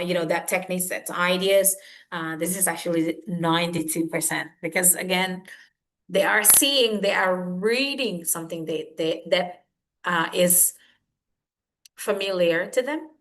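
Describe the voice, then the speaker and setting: A woman's voice: fairly low pitch, a bit bright. A woman giving a webinar presentation to teachers, with many hesitant fillers, over a video call. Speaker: English teacher presenting a workshop.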